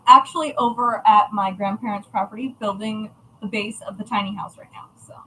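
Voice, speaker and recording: A woman's voice: mid-range voice, fairly even intonation, fairly quick, sharp tone, a little hiss or hum, poor audio. A woman chatting casually on a livestream about her craft shop, chatty, profane and self-mocking.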